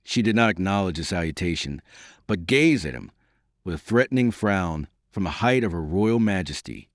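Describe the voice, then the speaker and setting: A man reading a novel aloud as an audiobook narrator, in a measured, expressive storytelling manner. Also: deep voice, no room sound, clean studio sound. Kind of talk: scripted narration.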